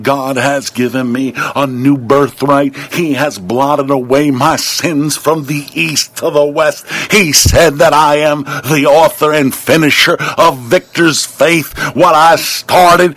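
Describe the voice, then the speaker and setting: A man preaching with fervor, crying out and swinging between low murmurs and loud, high peaks. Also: no room sound. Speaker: Christian TV co-host.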